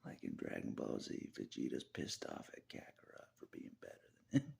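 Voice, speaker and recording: A man's voice: extremely low pitch, huge pitch swings, unhurried, vocal fry, dark tone. A man talking through a rambling personal monologue, chuckling often and dropping into half-whispered asides. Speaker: vlogger.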